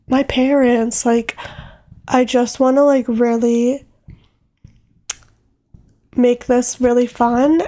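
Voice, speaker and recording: A woman's voice: fairly high pitch, gravelly, a little mellow. A young woman hosting a solo podcast from home, chatting casually and earnestly, full of fillers and restarts. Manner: rambling, filler-heavy, earnest. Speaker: podcast host.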